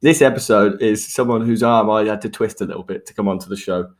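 A man's voice: on the low side, fairly even intonation, quick pace. A man hosting a podcast in casual chat, joking and laughing often and repeating words as he goes. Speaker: podcast host.

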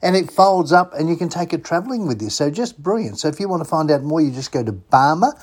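A man's voice: on the high side, expressive, brisk, hardly any pauses. A man with an Australian accent, hosting a casual travel show, chatting and spelling out web addresses for sponsors. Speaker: radio host. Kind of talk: casual chat with sponsor plugs.

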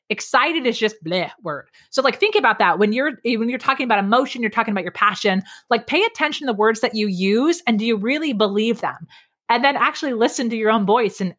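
A woman guest, a public speaking coach, talking energetically and emphatically in a casual interview over a video call. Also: on the high side. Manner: energetic, emphatic, self-deprecating.

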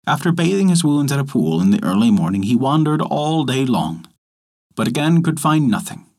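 A man narrating a folk tale in a measured, expressive storytelling manner, as host of a story podcast. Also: mid-range voice. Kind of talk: scripted narration.

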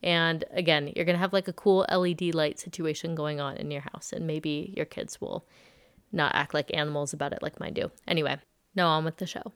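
A woman's voice: sits low, fairly even intonation, brisk, clean tone, no echo, clean studio sound. A woman in her thirties hosting a podcast, chatting casually and reading an ad in an upbeat, bubbly way. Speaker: podcast host. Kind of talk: casual podcast chat with host-read ad.

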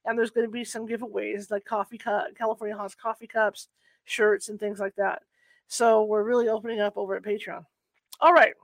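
A podcast host runs a live paranormal talk show from a home computer setup, his high-pitched voice level, brisk, fairly bright, and touched with vocal fry, with no echo. He rambles casually, full of fillers and restarts, and laughs at himself in a self-deprecating way.

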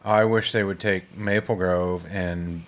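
Man, very low voice, podcast co-host, dry, teasing wit. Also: steady tone, measured pace. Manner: dry, teasing one-liners. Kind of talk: casual chat.

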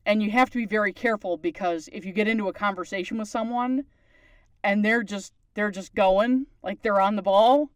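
Medium in pitch and brisk in delivery, a woman hosts a casual, long-running podcast chat in the townie accent of Newfoundland, Canada. The recording is dry, with clean studio quality.

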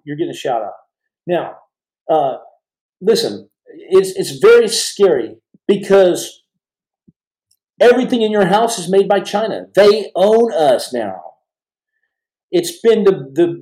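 A middle-aged man with a high-pitched, warm voice hosts a live podcast. He talks fervently to viewers, rambling and restarting often, and the recording has a roomy echo.

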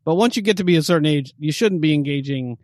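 A man's voice: on the high side, animated, fast, no echo, studio quality. A man hosting a casual sports podcast who rambles, restarts his sentences and reads out news items. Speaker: podcast host.

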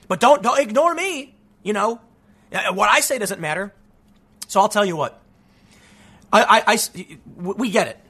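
High, bright-voiced frustrated male commentator. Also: expressive, normal speed, long pauses, breathy edge. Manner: frustrated, emphatic, ranting with frequent restarts. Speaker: political commentary host. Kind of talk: solo political commentary.

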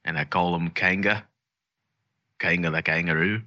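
A man's voice: sits low, fairly even intonation, moderate pace, sharp tone, muffled recording, pitched below the performer's own voice. A man putting on a joking, exaggerated Australian accent as a mock Aussie bloke.

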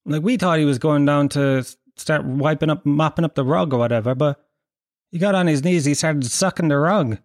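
A man's voice: on the high side, a little fast, no room sound, studio quality. A man telling rambling comic stories in a casual, profane, wry way, laughing as he goes.

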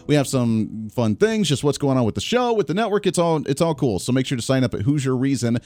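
A man's voice: medium pitch, big pitch swings, fairly quick, darkish tone, dry recording, clean studio sound. A man hosting a radio talk show, giving political commentary in a chatty, wry way. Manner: chatty, wry, frequent restarts.

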